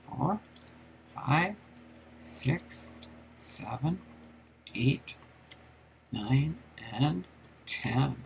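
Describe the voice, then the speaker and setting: A man hosting a live card-collecting stream, joking with his chat and reading out baseball history in a steady tone. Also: medium pitch, vocal fry, a little hiss or hum, low-quality recording. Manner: jokey banter with chat, reads history in a steady tone.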